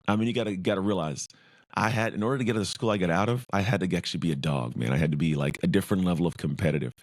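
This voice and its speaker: Intense low-voiced man telling stories. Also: very fast. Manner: intense, emphatic, repeats phrases in lists. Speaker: podcast guest, former pro football player. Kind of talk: casual interview talk.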